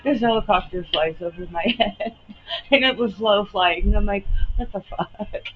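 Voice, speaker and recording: A woman in her late fifties venting to her camera in a casual, animated rant, swearing and laughing often. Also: mid-range voice, moderate pace. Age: 50s. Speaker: vlogger. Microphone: camera mic. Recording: slightly muffled with faint background hiss.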